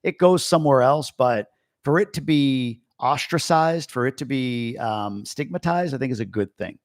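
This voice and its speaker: A man from Long Island, USA, talks through a casual live-stream, reading viewer comments aloud and firing back blunt, opinionated answers. His voice sits at a middling pitch. The recording is dry, with no room sound. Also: normal speed, dry recording. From Long Island, New York, USA. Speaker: host answering viewer questions.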